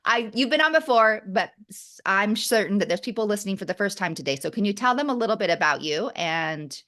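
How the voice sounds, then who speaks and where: A woman's voice: medium pitch, animated, fairly quick, a bit bright. A woman hosting a podcast interview, talking in a sing-song lilt. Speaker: podcast host.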